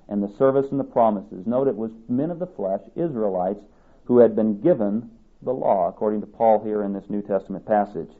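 A man preaching a sermon, reading scripture aloud and driving his points home with emphatic repetition. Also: on the low side. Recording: tinny phone-like sermon tape.

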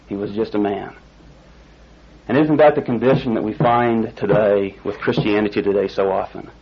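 Husky preacher guy telling a folksy story in a sermon, muffled old radio recording. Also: lowish voice, normal speed. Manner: folksy storytelling, rising excited when telling the climax.

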